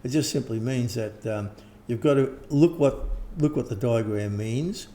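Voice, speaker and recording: Older man, gravelly, dark tone, rambling interview talk, faint background hiss. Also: medium pitch, measured pace. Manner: rambling, frequent restarts and throat clearing. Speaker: interviewed teacher. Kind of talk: casual conversation.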